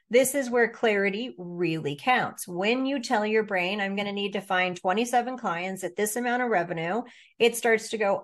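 Energetic woman coaching a workshop group. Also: mid-range voice, brisk. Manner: energetic, acts out inner voices with playful quotes. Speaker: business coach leading a group session.

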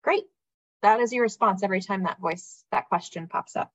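A woman's voice: medium pitch, brisk, no room sound, poor audio. A woman coaching a group on a video call, direct and encouraging as she guides a participant.

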